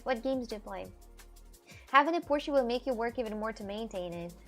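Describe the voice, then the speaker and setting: Chatty woman streamer with a gravelly edge. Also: fairly high pitch, animated, a little fast, soft background music. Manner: chatty and playful, laughs often, greets viewers warmly. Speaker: live streamer. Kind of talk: casual livestream chat, reading viewer messages aloud. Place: at home.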